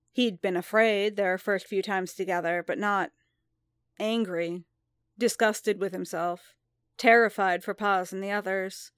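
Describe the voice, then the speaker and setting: A woman reading a story aloud in a measured, even way. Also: medium pitch, no echo. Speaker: reader. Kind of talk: audiobook reading of fan fiction.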